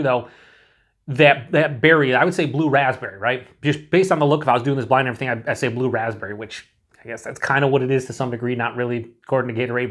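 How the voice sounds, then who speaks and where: A man talks through a beer review on his own, loose and rambling. He trips over words, circles back and throws in the odd swear word. His voice sits at an ordinary middle pitch. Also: fairly bright tone. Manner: rambling, enthusiastic, frequent "like" and restarts, swears casually. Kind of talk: casual solo review.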